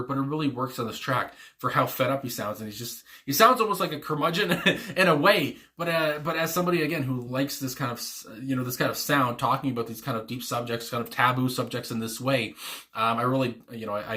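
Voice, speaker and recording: A man talks through his reaction to a song in a loose, rambling way, full of fillers and restarts, chuckling as he goes. His voice is bright and forward, sitting at an ordinary middle pitch for a man. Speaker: music reaction channel host. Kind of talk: casual spoken reaction commentary.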